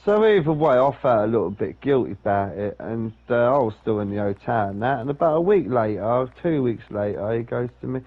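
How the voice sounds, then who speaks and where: Gravelly swearing man, lo-fi. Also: medium pitch, lively intonation, a little fast, few pauses. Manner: swears a lot, rambles with restarts. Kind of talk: casual storytelling chat. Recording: dull lo-fi sound.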